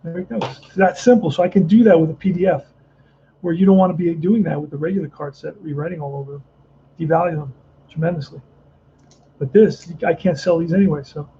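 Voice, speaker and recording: A man's voice: fairly high pitch, quick pace, dull audio, slight background noise. A man casually narrating a tabletop baseball replay, thinking aloud and rambling with frequent restarts. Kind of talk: casual play-by-play and chat.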